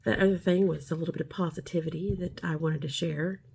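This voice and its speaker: A woman's voice: on the low side, fairly even intonation, fast, creaky, darkish tone, breathy edge. A woman in her forties talking straight to camera in a casual vlog, chatty and rambling, upbeat and a bit preachy. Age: 40s. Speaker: vlogger.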